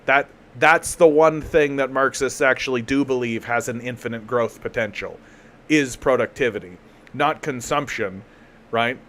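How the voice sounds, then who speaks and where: Canadian guy ranting on his stream, sarcastic, swears a lot, middle pitched voice, trips over words. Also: moderate pace, fairly bright tone, slight background noise. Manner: sarcastic, swears freely, restarts often. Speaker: political commentary host. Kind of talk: casual livestream commentary.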